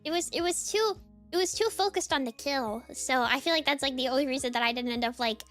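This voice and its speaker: Young streamer girl, pretty high voice, rambly with tons of "like"s, faint music behind. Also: fast. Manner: rambling, many "like" fillers, lively swings. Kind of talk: casual chat with chat readers.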